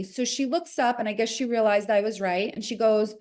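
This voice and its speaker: A woman in her forties with a New Jersey accent tells a story as an interview guest. Her voice sits a little high, and she acts out every quoted line with lively shifts. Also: moderate pace, hardly any pauses. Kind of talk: animated storytelling.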